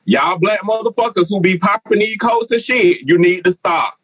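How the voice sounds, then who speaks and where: A man's voice: sits high, moderate pace, fairly bright tone, husky, no room sound, low-quality recording. Rambling, profane male co-host, dry sound. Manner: rambling, profane, filler-heavy. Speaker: podcast co-host. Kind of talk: casual chat.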